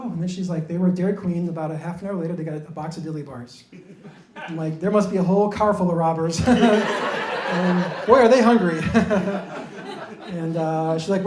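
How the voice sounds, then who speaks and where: A man in his forties with a high-pitched voice tells stand-up stories about himself in a self-deprecating, bumbling way. His voice rings out with the roomy echo of the space around him. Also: normal speed, a little mellow. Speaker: stand-up comedian. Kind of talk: stand-up comedy set.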